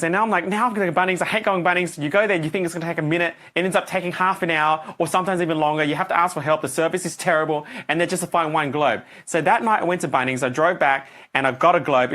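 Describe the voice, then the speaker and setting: A middle-aged man coaching a group, telling a story and acting out his own reactions. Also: on the high side. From Australia. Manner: animated, acts out his own reactions and voices.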